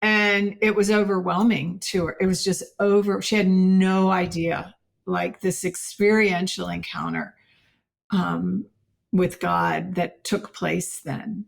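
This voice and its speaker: A middle-aged woman, a podcast guest, telling a personal faith story in an earnest, animated way and acting out quoted dialogue. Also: lowish voice, slow pace, creaky.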